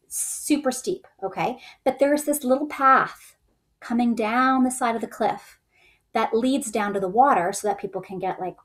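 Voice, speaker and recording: Chatty woman telling history like a story. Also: on the high side. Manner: chatty, acts out quoted soldiers in raised voices. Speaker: history teacher. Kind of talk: casual storytelling lecture.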